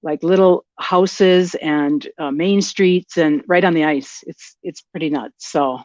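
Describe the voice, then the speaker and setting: A woman's voice: deep voice, slow pace, darkish tone, no echo. Woman, Minnesotan accent, podcast guest, friendly chatty talk, dry slightly dull sound. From Minnesota, USA. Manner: friendly, chatty, with frequent fillers and restarts. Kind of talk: casual interview chat.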